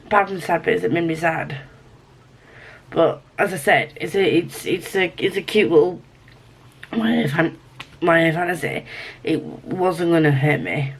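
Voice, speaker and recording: Gushing, emotional woman, lowish voice. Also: a little slow, pauses often, husky. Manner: gushing and emotional, repeats herself, drops to whispers. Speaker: book vlogger. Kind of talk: casual reading vlog.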